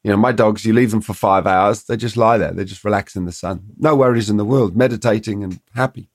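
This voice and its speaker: A man's voice: fairly low pitch, a little fast, no room sound, clean studio sound. A middle-aged man, a dog trainer in a podcast conversation, explaining his ideas and acting out little quotes from dogs and owners. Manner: animated storyteller, acts out dog and owner quotes.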